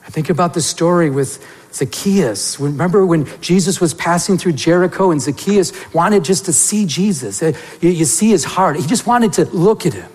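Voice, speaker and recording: A male pastor preaching a sermon, telling stories with animated energy and asking his congregation to remember. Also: fairly high pitch, normal speed, husky, long reverb tail. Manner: animated storytelling with repeated rhetorical questions to the congregation.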